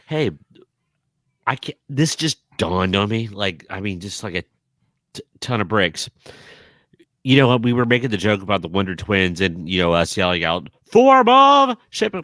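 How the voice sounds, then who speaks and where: A man co-hosting a comedy podcast, joking and acting out quotes in an animated way. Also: sits low, moderate pace, long pauses, no room sound, studio quality. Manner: animated joker, acts out quotes. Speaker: podcast co-host. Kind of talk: casual chat.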